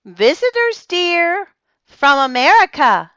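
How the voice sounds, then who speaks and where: A woman's voice: on the high side, very animated, slow, a bit bright, dry recording, lo-fi sound, voice pushed up, full character voice. A woman voicing a gracious, kindly older hostess with a genteel, welcoming manner in a storybook reading.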